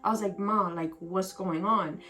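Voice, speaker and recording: A woman's voice: medium pitch, fairly even intonation, normal speed, bright, forceful tone. Young woman telling a personal story. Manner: casual, filler-heavy retelling with quoted dialogue. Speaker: vlogger.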